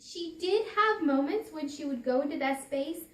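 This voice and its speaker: A woman's voice: high voice, lively intonation, moderate pace, roomy sound. A woman giving a personal storytelling talk as a parent, earnest, often restarting and repeating her phrases.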